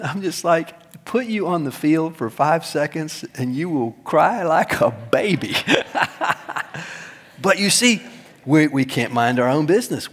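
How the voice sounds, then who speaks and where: A man preaching a sermon as pastor, emphatic, swinging between loud stressed words and soft low asides, with touches of self-deprecating humor. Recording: long hall reverb.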